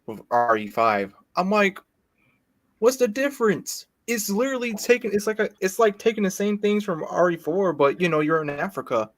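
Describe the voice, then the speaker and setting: A man's voice: high-pitched, fairly quick, few pauses. A man co-hosting a podcast, talking games casually and swearing freely. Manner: lively, swears and laughs often. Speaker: podcast co-host. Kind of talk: casual gaming chat.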